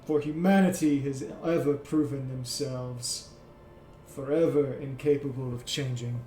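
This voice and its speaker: A man voicing a calm, coldly devoted aged archon figure in a tabletop game, speaking in measured proclamations. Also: medium pitch, echoey room, faint music behind, pitched below the performer's own voice, close to an everyday voice, poor audio. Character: aged male archon, cold and dragon-devoted.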